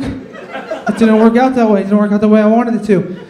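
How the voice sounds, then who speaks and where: Guy doing stand-up in a club, self-deprecating stories, kinda high voice, echoey room. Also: steady tone, a little fast, mellow, some chatter behind. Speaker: stand-up comedian. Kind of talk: stand-up set. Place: comedy club stage.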